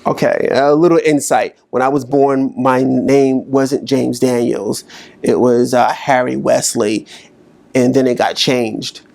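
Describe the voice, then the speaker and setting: A man speaking as a motivational speaker, slowly coaching listeners through a guided exercise. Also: mid-range voice, level tone, gravelly, a little mellow. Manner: slow, coaching delivery with long pauses.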